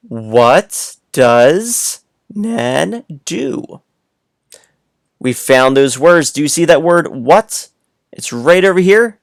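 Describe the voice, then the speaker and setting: A man's voice: fairly high pitch, no room sound. A male teacher walks young children through a reading lesson, coaxing them along in a playful voice. He takes his time over each word and sentence. The recording is dry and close, with no room sound around him.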